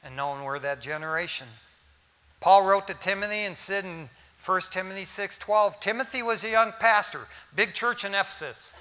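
A man's voice: sits high, normal speed, pushed and bright. A male pastor preaching a sermon, telling stories in a casual, slangy way between fervent exhortations. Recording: hall reverb.

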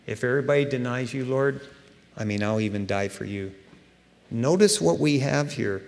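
A man preaching a sermon to his church, animated and conversational, acting out scripture scenes in everyday slang. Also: mid-range voice, normal speed. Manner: animated preaching, acts out biblical dialogue in casual slang. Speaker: pastor. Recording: long reverb of a large room.

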